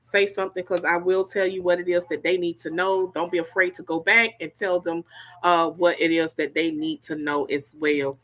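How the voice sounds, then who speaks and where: A woman's voice: fairly low pitch, fairly even intonation, moderate pace, a bit bright. A woman giving a spiritual reading in a casual, folksy, preachy way, repeating herself and checking in with "okay?" often. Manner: repetitive, preachy, folksy, keeps asking "okay?". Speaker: spiritual reader.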